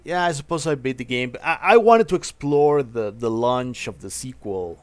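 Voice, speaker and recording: A male streamer gives casual gameplay commentary at a middle pitch, grumbling and repeating himself in frustration. His voice is recorded dry and close, with no room sound. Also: lively intonation, normal speed, dry recording.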